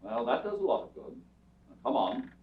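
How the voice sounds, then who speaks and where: A man's voice: mid-range voice, very animated, normal speed, close to an everyday voice. A man playing a wry, wisecracking detective husband in a radio play. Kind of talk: community radio theatre acting. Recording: echoey hall, far from mic, phone-like.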